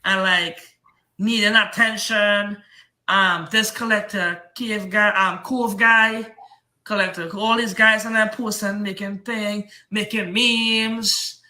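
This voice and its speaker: Trinidadian male streamer, rambling defensive rant, piercing bright tone, roomy echo. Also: sits high, steady tone, slow. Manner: rambling, repetitive, heated. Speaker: comic book seller and streamer.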